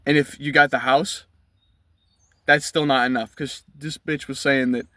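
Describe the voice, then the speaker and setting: A man's voice: mid-range voice, fairly even intonation, unhurried, bright, forceful tone, dry recording. A man, ranting bluntly and profanely from inside his car. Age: 20s. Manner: blunt, profane, heated rant. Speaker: vlogger. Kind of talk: ranting commentary.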